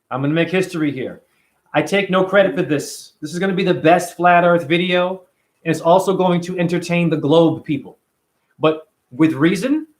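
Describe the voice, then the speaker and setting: A man talking straight to camera in a casual vlog, emphatic and animated, swearing now and then. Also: high voice. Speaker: vlogger.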